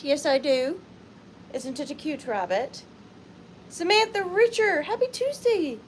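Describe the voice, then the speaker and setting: A young Southern woman hosts a relaxed live-stream sale from her chair at home, greeting viewers one by one. Her voice sits high and swoops up and down as she slips into sing-song baby talk with her rabbit. She sounds a bit sleepy, with a faint hiss of room noise behind her. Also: a little slow.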